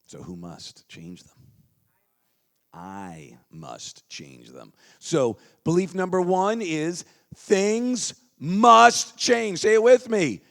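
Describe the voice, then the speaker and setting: A man giving an energetic motivational seminar talk, leading the crowd in chants and dropping into quiet asides. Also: high-pitched, takes it slowly, gravelly. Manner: energetic, leads crowd chants, swings between loud calls and quiet asides.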